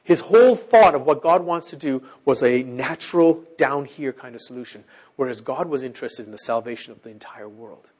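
Husky, animated male preacher. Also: medium pitch, brisk. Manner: animated, keeps checking in with listeners. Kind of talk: sermon.

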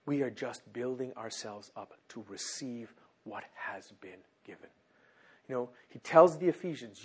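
A man preaching a sermon and leading prayer before a congregation in church. He exhorts earnestly, dropping to soft, near-murmured phrases and then rising again. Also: mid-range voice, expressive, moderate pace, husky.

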